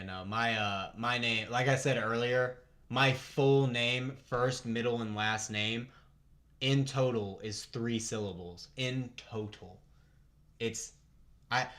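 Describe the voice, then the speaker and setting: Streamer man, mid pitch, loose chatty fight commentary, laughs easily. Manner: chatty, laughs often, thinks out loud. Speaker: live stream host. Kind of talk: casual live fight commentary to chat.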